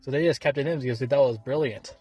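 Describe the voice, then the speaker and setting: A man's voice: medium pitch, very fast, mellow, breathy edge, no echo, soft background music. A man giving a casual film review, rambling and swearing freely, with many fillers and restarts. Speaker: movie reviewer.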